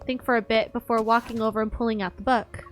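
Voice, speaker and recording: Young woman streamer, a bit high, reading game story aloud with quips, soft music behind. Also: steady tone, fast talker. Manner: reads narration, breaks off into joking asides.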